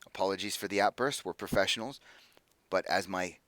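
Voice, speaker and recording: A cold, professional female assassin boss talks low and unhurried, with clipped, tired patience, as a man puts her on. The voice is bright in tone. The sound is dry and close. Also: sing-song, dry recording. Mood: curt. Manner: low, measured, quietly firm.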